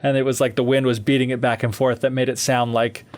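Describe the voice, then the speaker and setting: A man's voice: medium pitch, level tone, fast. A man co-hosting a podcast, loosely retelling a fairy tale in casual chat, full of fillers and easy laughter.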